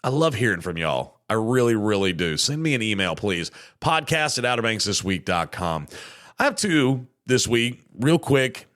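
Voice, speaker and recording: A man in his thirties with a drawl, hosting a casual local podcast. His talk is chatty and loose, full of fillers. His pitch swings widely and lively, rising high when he gets excited. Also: normal speed. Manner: chatty and animated, many fillers. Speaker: podcast host.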